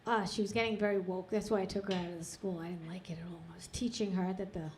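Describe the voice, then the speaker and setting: Crowd laughter punctuates this live club recording of a middle-aged woman's crude, self-mocking stand-up, delivered into a handheld mic. She talks fast with fairly even intonation in a medium-pitched, darkish voice. Some slight background noise is present.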